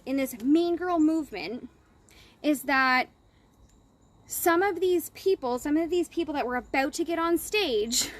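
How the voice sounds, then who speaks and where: A woman business coach talking straight to her audience in a blunt, profane, fired-up monologue. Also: high-pitched. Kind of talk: impassioned monologue to camera.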